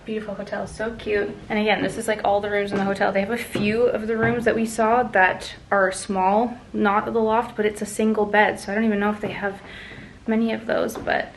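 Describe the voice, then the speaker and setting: A woman's voice: mid-range voice, flat delivery, a little fast, vocal fry. A woman chatting casually in a travel vlog, gushing and bubbly, laughing often. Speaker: travel vlogger. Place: hotel room and city streets. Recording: background noise and ambience.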